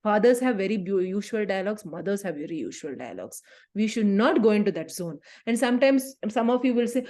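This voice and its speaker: Woman, Indian English accent, middle-aged, workshop facilitator, animated storytelling. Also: a little fast. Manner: animated storytelling, acts out scenes with sharp pitch jumps. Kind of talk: conversational talk to parents.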